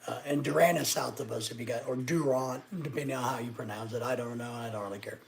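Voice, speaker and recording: A man's voice: medium pitch, steady tone, fast, creaky, slight background noise. A middle-aged man from Arkansas, chatting casually with viewers on a livestream and teasing them sarcastically. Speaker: livestreamer answering chat.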